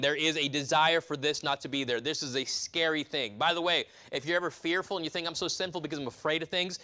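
Pastor guy giving a sermon, bright clear voice, a bit high, slows way down for scripture then chats. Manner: earnest, reads scripture slowly and deliberately; conversational asides with many restarts.

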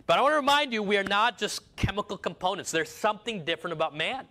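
Bright-voiced man preaching a sermon. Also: high-pitched, animated, fast talker, few pauses. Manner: rambling with many restarts and asides.

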